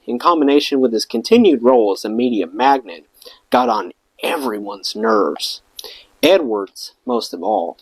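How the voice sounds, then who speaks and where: Lively male audiobook reader, dry sound. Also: mid-range voice, no echo, rough recording. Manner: expressive reading, acts out quoted lines. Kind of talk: reading a memoir aloud.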